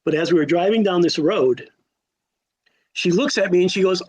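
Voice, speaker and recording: A man in his sixties with a high-pitched voice tells stories as a podcast guest. He is animated, with sudden jumps in pitch, emphatic repeats and a storyteller's pauses. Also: breathy edge, poor audio. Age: 60s.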